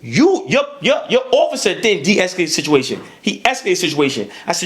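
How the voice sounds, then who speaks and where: A man with a high voice and tells a heated story in a podcast conversation. He talks in an animated, profane way, stacking repeated words when he gets worked up. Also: fast talker, hardly any pauses. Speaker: podcast guest.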